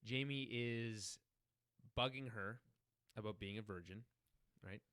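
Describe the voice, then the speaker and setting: A man's voice: lowish voice, takes it slowly, fairly bright tone, clear, resonant tone, no room sound. A man co-hosting a podcast, talking through a TV episode in easy, chatty recap. He laughs often and slips into the lines of the scenes as he retells them. The sound is close and dry, with no room around it. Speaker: podcast co-host.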